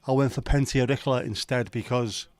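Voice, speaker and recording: Bloke chatting away on a live stream, saying hi to everyone by name, dry close mic, mid voice. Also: male voice, medium pitch, fairly even intonation, fairly quick, a little mellow, no room sound. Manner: chatty, greets viewers by name, jokey. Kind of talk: casual watch-along chat.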